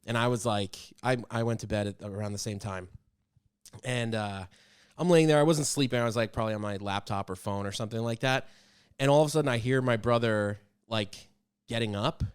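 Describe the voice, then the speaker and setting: A man co-hosting a podcast in casual chat, an excitable storyteller who gets loud when quoting people. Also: mid-range voice, fairly quick, smooth, no echo, clean studio sound. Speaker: podcast co-host.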